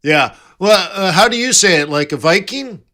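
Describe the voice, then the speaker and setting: A man's voice: sits high, lively intonation, moderate pace, sharp tone. A man hosting a live trading stream, chatting casually and jokily with viewers while reading their comments. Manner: chatty, jokey, reads out chat and answers viewers.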